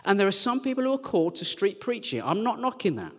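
A man preaching a sermon as a church team leader, chatty and joking, then turning quiet and earnest. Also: sits high, sing-song, fast talker, in a large hall. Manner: conversational and joking, dropping to quiet earnest lines.

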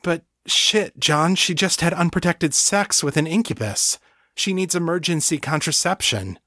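A man voicing a blunt young woman wizard who talks briskly and swears, in a storybook reading. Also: fairly high pitch, bright, forceful tone, no room sound, clean studio sound, voice pushed up. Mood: steady.

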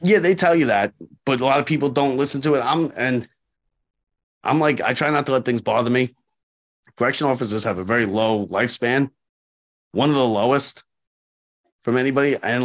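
Animated man telling work stories. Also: medium pitch, brisk, pauses often. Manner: animated, acts out dialogue, repeats himself for emphasis. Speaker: corrections officer. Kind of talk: casual interview storytelling. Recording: slightly dull lo-fi audio.

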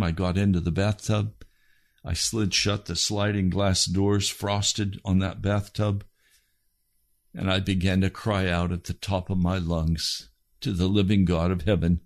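Slow gravelly man preaching a testimony. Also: sits low, flat delivery. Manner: impassioned, rising to cries when quoting his prayers. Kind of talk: sermon testimony.

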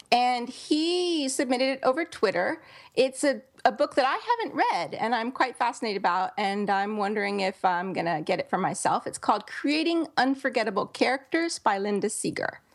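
A woman's voice: a little high, lively intonation, normal speed. A woman novelist hosting a casual podcast chat, thinking aloud and explaining her ideas with small restarts. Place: home in Dallas.

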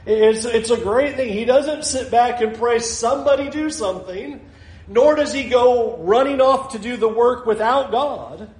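A man with a high voice preaches a sermon, reading scripture aloud and acting out the figures in it with energy. The room around him is echoey and reverberant. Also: a little slow, few pauses. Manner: expressive, acts out quoted scripture and voices. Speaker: pastor.

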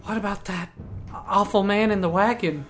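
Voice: medium pitch, normal speed, a bit bright, soft background music, pitched above the performer's own voice, close to an everyday voice. A game master voicing a timid, dreamy young girl who pleads and is easily persuaded. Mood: pleading.

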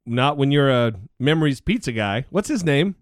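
A man's voice: medium pitch, lively intonation, normal speed. A male podcast co-host with a sarcastic, outspoken manner and a voice that swings up and down a lot. The recording is close and dry, with no room echo. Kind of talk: casual political chat.

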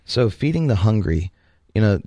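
Co-hosting a radio talk show, a man with a lowish voice tells a story at a normal speed in a casual, animated way, acting out the voices he quotes. The recording has no room sound.

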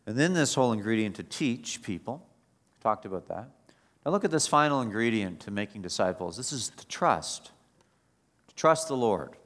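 A man giving a sermon as pastor, moving between quiet reflection and raised, emphatic preaching. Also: fairly low pitch, lively intonation, moderate pace.

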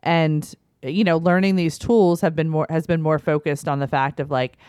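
Low-voiced chatty mom, dry sound. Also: female voice, fairly even intonation, moderate pace, darkish tone, clear, resonant tone, no echo. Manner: chatty, storytelling, many fillers. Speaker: podcast host and mother. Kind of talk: casual parenting chat.

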